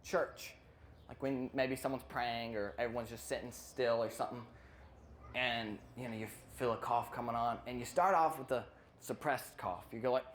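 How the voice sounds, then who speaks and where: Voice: medium pitch, steady tone, normal speed, a little hiss or hum. A stand-up comedian who rambles through a routine, often losing their place and cutting in on themselves. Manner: rambling, loses place and self-interrupts.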